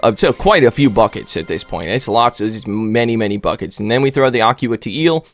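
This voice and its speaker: A man's voice: fairly low pitch, animated, brisk, soft background music. A man casually commentating on his online game battles, joking and rambling with silly asides.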